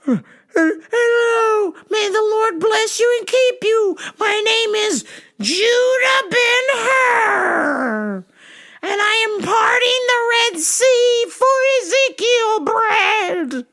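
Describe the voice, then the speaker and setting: A woman voicing an eccentric, preachy older woman caller who speaks in slow, sing-song blessings in a shrill, quavering voice. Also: lively intonation, vocal fry, a bit bright, heavily acted. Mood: preachy, pleading.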